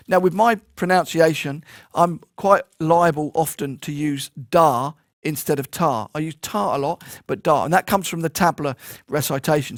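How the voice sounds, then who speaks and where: A man's voice: fairly high pitch, dry recording. Man teaching rhythm syllables, dry close sound. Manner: explains plainly, then recites rhythm syllables in loud crisp bursts. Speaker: percussion teacher. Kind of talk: instructional konnakol lesson.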